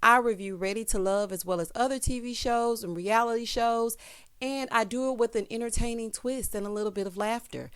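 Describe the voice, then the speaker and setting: A woman in her thirties recapping a reality show in a sassy, animated way, tossing in "honey" and "child" as she goes. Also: fairly high pitch.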